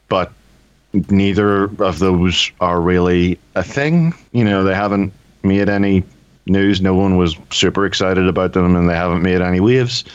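A low-voiced man rambles wryly through casual podcast chat, often stopping to correct himself. The recording sounds dull and dry, with muffled highs and no room echo. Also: smooth. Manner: rambling, self-correcting, wry. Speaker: podcast co-host.

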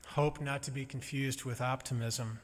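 A man preaching a sermon to a congregation, earnest and building to loud emphasis. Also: mid-range voice, steady tone, normal speed, slight background noise. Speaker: pastor. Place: church sanctuary. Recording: long reverb of a large hall.

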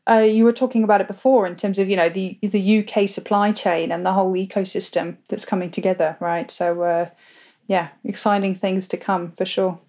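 A woman's voice: mid-range voice, steady tone, brisk, a little mellow. A woman co-hosting a casual podcast, upbeat, laughing often and filling her talk with "you know". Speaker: co-host.

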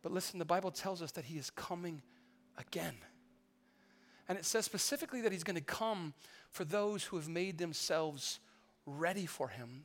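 A man preaching a sermon in a conversational way, with stammered restarts, building to loud emphatic climaxes. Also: sits high, in a large hall. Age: adult. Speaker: pastor.

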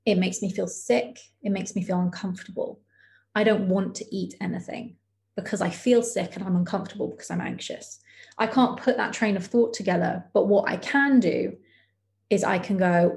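A young adult woman speaking candidly as an interview guest, reflective and hesitant, with many pauses and ums. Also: medium pitch, steady tone, vocal fry, darkish tone. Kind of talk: candid personal interview talk.

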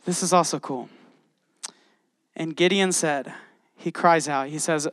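Man, casual animated sermon, slightly high pitch, dry recording. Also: moderate pace, long pauses, no echo. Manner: animated, chatty, exclaims often. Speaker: preacher. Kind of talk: sermon with Bible reading.

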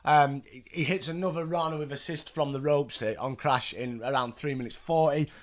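A man's voice: a little high, steady tone, moderate pace. A man hosting, casually recapping wrestling with chatty asides and swearing. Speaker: podcast host.

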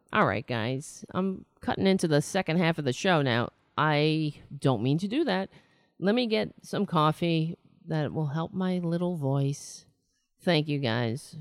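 A middle-aged woman talks straight to her viewers in a slightly raspy voice, rambling and candid, full of restarts and wry asides. She is recorded on a close mic in a dry room with no echo. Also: sits low. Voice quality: raspy, nasal-edged voice she calls a rake on a chalkboard. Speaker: political talk show host. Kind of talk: casual live-stream monologue.

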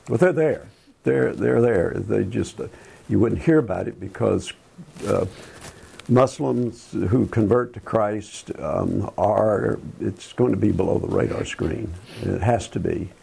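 An older man hosting a Christian talk show, earnest and preachy, talking in halting phrases with many restarts. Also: lowish voice, vocal fry, warm tone, slightly rough. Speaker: Christian radio host. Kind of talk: casual talk about current events.

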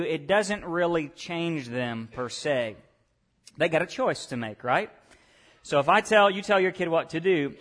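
A pastor with a slightly high male voice preaches a sermon to his church. He asks the congregation direct questions and moves between low-key asides and loud, emphatic points.

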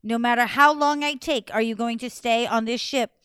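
A woman's voice: a little high, normal speed, a bit bright, clean tone, no echo, clean studio sound, natural voice. A woman voicing a fearless young princess who gives firm, emphatic orders to her sister. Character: bold, bossy young heroine princess.

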